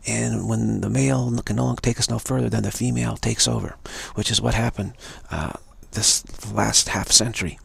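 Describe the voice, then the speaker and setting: A man's voice: lowish voice, steady tone, moderate pace, vocal fry, few pauses, husky, no echo. A man giving an earnest spiritual talk on a livestream, emphatic and repeating his key points. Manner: earnest, emphatic, given to repetition. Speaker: spiritual speaker.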